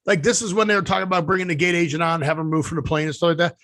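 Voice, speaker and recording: A man with a fairly high voice tells a long, meandering anecdote and stops often to restart his sentences. His speech carries the easy looseness of casual podcast chat, recorded close and dry with no room sound. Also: fast, few pauses, fairly bright tone, no echo. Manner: rambling storyteller, many fillers and restarts. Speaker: podcast co-host.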